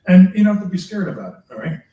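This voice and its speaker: An older man, a priest, lecturing teachers in a chatty way, chuckling often and tagging his points with quick questions to the room. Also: high voice, big pitch swings, warm tone. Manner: chatty, chuckling, tags remarks with "all right?". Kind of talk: lecture with personal anecdotes. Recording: echoey room, mic far off.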